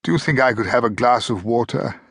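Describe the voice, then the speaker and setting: A man voicing a gentle, eccentric male time traveller who stays calm and polite. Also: mid-range voice, normal speed, no echo, voice pushed up. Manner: calm, polite, mildly amused.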